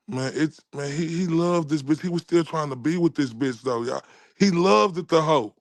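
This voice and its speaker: Gravelly man, blunt reactions. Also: a little high, no room sound. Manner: blunt, profane, drawn-out remarks. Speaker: streamer reacting to a clip. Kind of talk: casual reaction commentary.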